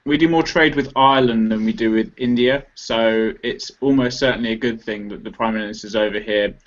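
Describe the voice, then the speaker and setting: A man with a mid-range voice offers his views in a relaxed, opinionated way, with dry little jabs. The recording sounds dull and lo-fi. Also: medium pitch, brisk. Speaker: podcast co-host. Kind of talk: casual political chat.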